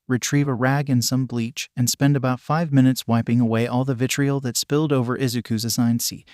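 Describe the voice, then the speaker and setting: A man reading fanfiction aloud in an even, flat scripted narration. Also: mid-range voice, no echo, clean studio sound.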